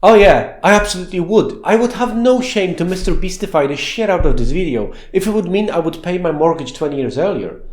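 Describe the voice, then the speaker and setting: A man's voice: on the high side, big pitch swings, brisk, few pauses, a little mellow. A man in his thirties giving a sarcastic commentary monologue, mocking his subject with rhetorical questions. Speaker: commentary YouTuber. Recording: echoey room with background music.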